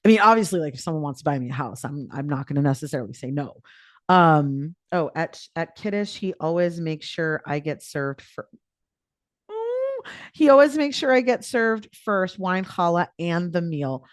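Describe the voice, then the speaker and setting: A woman's voice: on the low side, very animated, moderate pace, no echo, studio quality. A woman life coach giving a live online coaching talk in a chatty, playful way, with lots of filler words.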